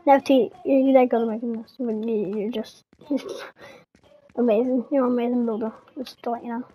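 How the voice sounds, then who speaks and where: A woman's voice: fairly high pitch, steady tone, moderate pace, lo-fi sound, slight background noise. A woman gamer giving casual commentary on a horror game, full of jumpy, startled exclamations.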